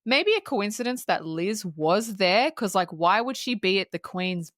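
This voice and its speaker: A woman's voice: mid-range voice, lively intonation, a little slow, a bit bright, no echo, studio quality. A woman on a podcast, retelling a film plot in casual chat, swearing freely and acting out the characters' lines. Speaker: podcast co-host.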